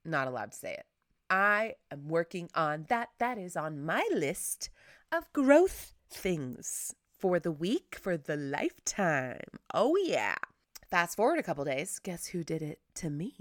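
A woman's voice: fairly low pitch, very animated, takes it slowly, no room sound, studio quality. A woman hosting a casual solo podcast, chatty and rambling, self-deprecating, with lots of filler words. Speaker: podcast host.

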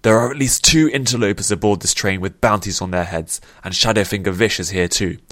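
A man voicing a cruel male army general who snarls and booms with contempt. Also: brisk, a bit bright, no echo, studio quality, lightly acted. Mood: bellowing.

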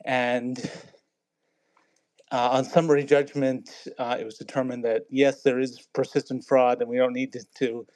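Guy chiming in on a group chat, halting, lots of ums, dry sound. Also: mid-range voice, level tone, darkish tone, no echo. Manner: hesitant, many fillers and restarts.

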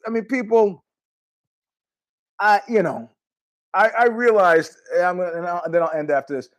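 Male podcast host, loose rambling solo talk, salty language, a touch high-pitched. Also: moderate pace, pauses often, muffled recording. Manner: rambling, profane, animated asides. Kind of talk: casual monologue.

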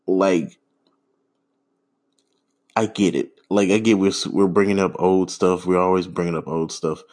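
A man with a very deep, low voice rants on his own podcast. He rambles and swears freely, stumbling over fillers and breaking into scoffing laughs. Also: fairly even intonation, measured pace, darkish tone. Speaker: podcast host. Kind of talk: casual solo rant.

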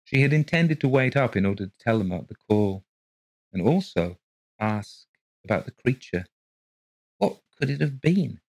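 A man narrating a ghost story in a measured, steady reading voice. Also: mid-range voice, gravelly, dry recording.

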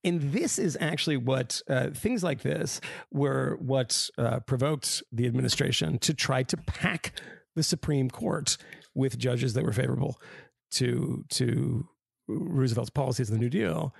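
A man's voice: medium pitch, unhurried, creaky, husky, no echo, studio quality. A man co-hosting a podcast, chatting casually and telling wry, rambling stories that he laughs at. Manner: wry, rambling storyteller who laughs at his own anecdotes. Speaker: podcast co-host. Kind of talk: casual panel chat.

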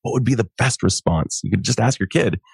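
A middle-aged man, a psychologist and coach, explaining things in an animated way and laughing often during a conversation. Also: on the low side, a little fast, creaky, breathy edge, dry recording, studio quality. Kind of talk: conversational podcast interview.

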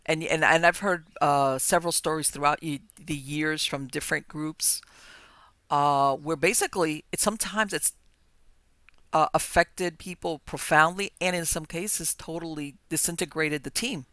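A woman hosting a podcast interview, talking at length in a lively, chatty way with frequent restarts. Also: sits low, normal speed, dry recording. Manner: talkative, lively, restarts often. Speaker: podcast host. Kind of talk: casual interview chat.

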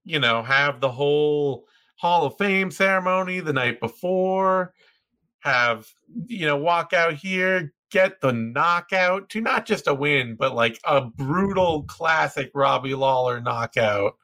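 A young man co-hosting a podcast, talking in quick, excited, rambling bursts. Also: a little high. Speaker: podcast co-host. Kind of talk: casual podcast chat.

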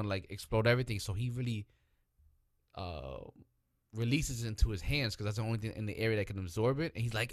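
An animated man co-hosting a casual podcast chat, swearing freely and acting out characters. His voice sits at a middle pitch. The close mic sounds dry. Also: no echo. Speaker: podcast co-host. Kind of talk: casual chat about TV shows.

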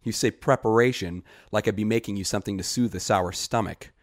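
A man reading a short story aloud and voicing a wary village herb woman who scolds in hushed tones. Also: on the low side, fairly quick, no room sound, studio quality, pitched above the performer's own voice, lightly acted. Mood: urgent, scolding.

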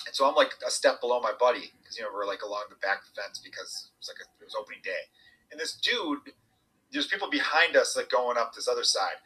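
Young male podcast guest, rapid and bright, husky edge, animated storyteller. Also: medium pitch, low-quality recording. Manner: animated storytelling, swearing, quoting others. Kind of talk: casual chat.

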